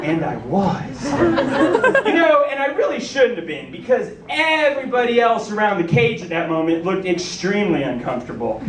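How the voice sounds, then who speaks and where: A man's voice: sits high, brisk, hardly any pauses, a crowd in the background. A man performing a stand-up comedy set in a comedy club, telling stories and acting out characters. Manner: animated storytelling, acts out characters. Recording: roomy club, distant mic, faint noise.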